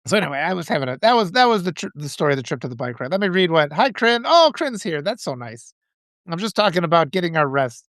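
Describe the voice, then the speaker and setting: A man hosting a live video, telling rambling, animated anecdotes full of restarts. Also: on the high side, fast talker, dry recording, studio quality. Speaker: live-stream host. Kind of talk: casual storytelling on a live video.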